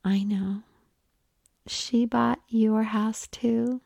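A cheeky young woman teases her lover in whispered role-play, as a woman narrator puts her on. Her hush is slow, dark and gravelly, close and dry. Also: on the high side, steady tone, no echo, full character voice. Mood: teasing. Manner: teasing, blunt.

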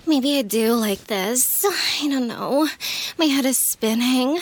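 High, slow, sighing woman in role-play. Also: dry recording. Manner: sighing, wry and self-mocking. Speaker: audio role-play performer. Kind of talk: scripted adult audio role-play.

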